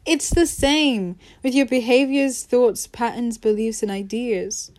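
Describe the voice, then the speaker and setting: Mellow-voiced woman hosting a self-help talk. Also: a little high, a little slow. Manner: earnest, conversational, laughs easily, drifts into acted quotes. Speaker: podcast host.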